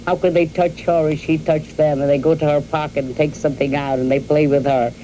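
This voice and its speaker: Older woman recalling her youth, mellow. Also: low voice, flat delivery, slight background noise, poor audio. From New York, US. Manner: storytelling, halting with repeated words and fillers; addresses her husband directly. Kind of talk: reminiscing in an archival interview.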